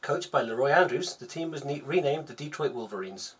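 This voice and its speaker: A man's voice: medium pitch, expressive, fairly quick, dull audio, slight background noise. A man hosting a casual podcast, reading out quiz items with lots of ums and easy laughter. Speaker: podcast host running a quiz.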